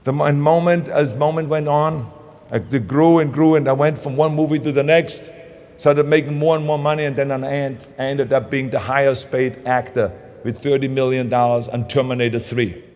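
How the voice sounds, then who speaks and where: A man's voice: medium pitch, steady tone, normal speed, a little mellow. An older man with a German accent giving a motivational speech, stressing key phrases and repeating them for emphasis. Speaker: public speaker.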